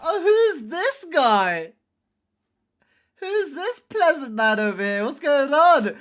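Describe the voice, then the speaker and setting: Lively woman reacting to clips. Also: high-pitched. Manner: excitable, drawn-out muttering asides. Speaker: watch party host. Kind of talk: casual reaction commentary.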